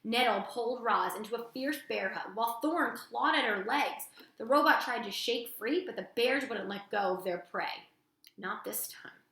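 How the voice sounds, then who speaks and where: A woman reading a children's novel aloud with animated, dramatic storytelling. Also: a little high, normal speed. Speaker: storybook reader. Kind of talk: expressive read-aloud narration. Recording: roomy echo.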